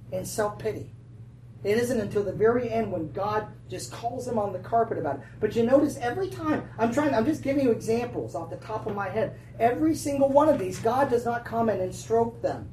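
A woman pastor preaching a lively sermon, laughing often and calling out for responses from the room. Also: mid-range voice. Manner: animated, laughing, calls for audience response. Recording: roomy, distant, faint noise.

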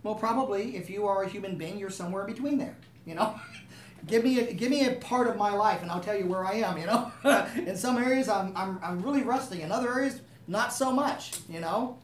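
A man's voice: sits high, a little fast, a little hiss or hum. A man preaching a sermon, talking conversationally and asking the room to agree with him. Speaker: pastor. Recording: echoey room, voice from a distance.

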